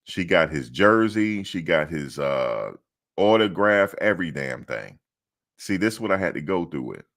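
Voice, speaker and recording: A man hosting casual sports talk, rambling and animated, often quoting others in his own voice. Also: low voice, moderate pace. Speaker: sports commentary host.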